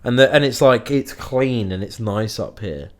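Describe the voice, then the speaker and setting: A young man in a casual podcast chat, telling a sweary, animated story and acting out the people in it. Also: medium pitch, moderate pace. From Liverpool area, England. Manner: sweary, animated anecdote-telling with acted quotes. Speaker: podcast host.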